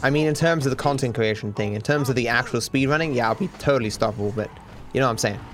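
A man's voice: mid-range voice, fast, fairly bright tone. A young man, a streamer rambling casually, candid and self-deprecating, swearing freely.

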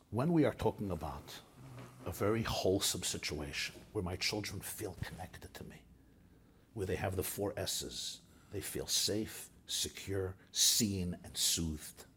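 A man's voice: deep voice, slight background noise. A man who is a rabbi and lecturer, speaking earnestly in an impassioned storytelling manner and sprinkling in Hebrew and Yiddish terms.

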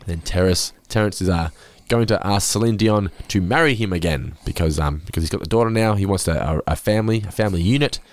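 A man's voice: sits low, quick pace, few pauses, no echo. A man in his thirties, a podcast host casually recapping scenes and mimicking quotes. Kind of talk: casual episode recap chat.

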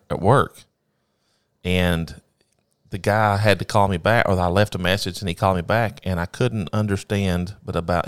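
Low-voiced laid-back man, dry sound. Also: smooth, no room sound. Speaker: podcast co-host. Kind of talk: casual chat.

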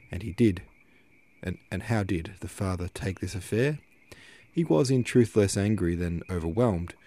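A man with a very low voice reads a classic novel aloud at a measured pace. He occasionally stops to correct himself, then carries on. His tone is steady, like a long audiobook session. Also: a little hiss or hum. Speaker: audiobook narrator.

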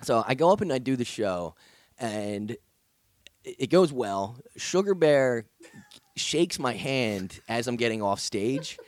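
A man, a stand-up comedian, telling a story in casual chat, profane and animated, acting out the people in it. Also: medium pitch, slow pace, no room sound.

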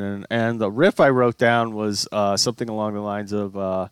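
A man's voice: on the low side, fairly even intonation, moderate pace, clean tone, dry recording, studio quality. A young man co-hosting a casual comedy podcast, rambling through a story with plenty of fillers and casual swearing. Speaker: podcast co-host.

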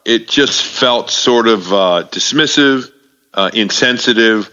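A man talking casually about faith, halting, with many fillers and restarts. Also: medium pitch, sharp tone. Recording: distant hall echo, muffled sound.

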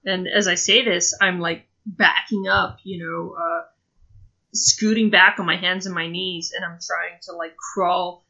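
A woman's voice: on the low side, fairly even intonation, measured pace, bright, forceful tone, highs cut off. A woman playing a tabletop game, describing her character's actions casually in first person with lots of fillers. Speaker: player.

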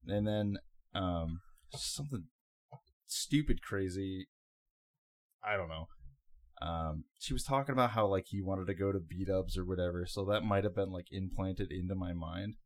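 A deep-voiced man co-hosting a podcast tells a long story at a measured pace, rambling in a laid-back way and using many filler words. The studio-quality recording has no room sound.

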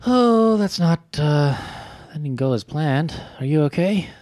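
A man's voice: fairly high pitch, animated, a little slow, a little mellow, dry recording. A man playing a tabletop game, casually thinking aloud about rules and his character's actions. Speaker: player.

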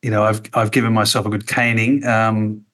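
Reflective man, low voice. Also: little pitch movement, moderate pace, a bit bright, poor audio. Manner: reflective, frequent ums and restarts. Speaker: interview guest, former radio executive. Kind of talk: conversational interview.

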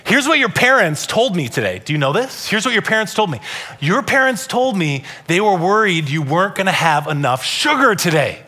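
A man in his thirties preaching a Christmas sermon to a live congregation, telling stories with loud bursts and soft asides. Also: high voice, normal speed, slightly rough. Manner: animated storytelling, shifting between loud bursts and soft asides. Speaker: pastor. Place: church hall, live congregation.

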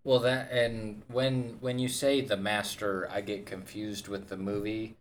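A lower-voiced man co-hosts a relaxed podcast, rambling through his thoughts with a steady stream of "like". A faint hiss of background noise sits under his voice. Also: unhurried. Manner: rambling, loose, peppered with "like". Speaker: podcast co-host. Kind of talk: casual podcast chat.

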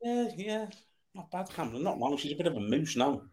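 Blunt ex-footballer, laddish chat. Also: male voice, sing-song, fairly quick, a little mellow. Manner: blunt, low-key, laddish. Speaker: former footballer, guest. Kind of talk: casual chat.

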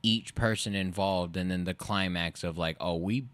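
A man co-hosting a podcast, musing through drawn-out opinions in casual chat with lots of fillers. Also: deep voice, fairly even intonation, fairly bright tone. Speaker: podcast co-host.

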